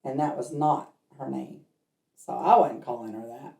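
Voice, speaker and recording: A woman's voice: rumbling low, moderate pace, vocal fry, dark tone. A woman who works as a medium tells a personal story in a chatty way and acts out the people in it. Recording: roomy echo.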